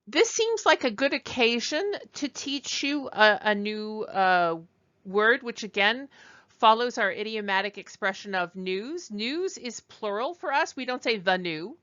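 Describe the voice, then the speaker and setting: A woman teaching a language lesson over slides, explaining slowly and digressing as she goes. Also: fairly high pitch, lively intonation, fairly bright tone, highs cut off. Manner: explanatory, digressive, with fillers and restarts. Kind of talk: recorded lecture over slides.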